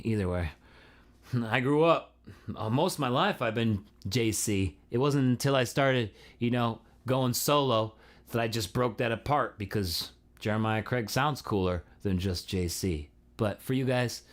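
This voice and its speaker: A man who is a singer hosting a live stream, chatting casually with viewers in a laid-back, chatty way and laughing often. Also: mid-range voice.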